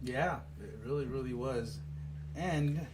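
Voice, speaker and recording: A woman chatting casually in a spiritual group, laughing easily and telling things in quick bursts. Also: rumbling low, distant mic, very noisy.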